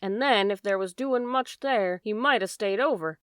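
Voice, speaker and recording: A woman's voice: medium pitch, normal speed, fairly bright tone, clean tone, dry recording, studio quality, lightly acted. Woman voicing a worried boatman's wife. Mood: anxious. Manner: homely, dropped endings, worried run-on talk. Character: stoutish red-faced boatman's wife, anxious, chatty. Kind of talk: audiobook character voicing.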